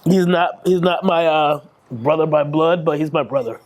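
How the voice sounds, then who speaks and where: A somewhat higher-voiced man in his thirties speaks in a candid, heartfelt interview. He talks earnestly and emotionally, drops casual swear words, and often stops and restarts his sentences. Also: normal speed. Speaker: bodybuilding champion interviewee. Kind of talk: candid post-victory interview.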